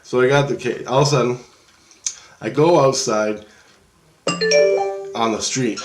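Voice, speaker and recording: A man telling a dream story in a rambling, excitable, profane way and acting out the dialogue. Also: medium pitch, unhurried, reverberant, over loud music.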